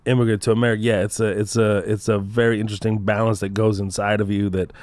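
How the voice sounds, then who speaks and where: A man's voice: fairly low pitch, fast talker, dry recording. Texan guy in his 30s, comedian on a podcast, laughs a lot, does voices, dry sound no room. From Kuwait. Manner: animated storyteller, laughs often, slips into accents. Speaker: comedian guest. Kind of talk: casual podcast chat.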